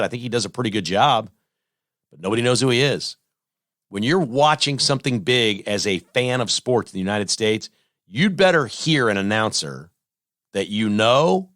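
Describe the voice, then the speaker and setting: A man's voice: lowish voice, a bit bright, no room sound, studio quality. A male sports talk host giving blunt, sarcastic opinions on the news of the week.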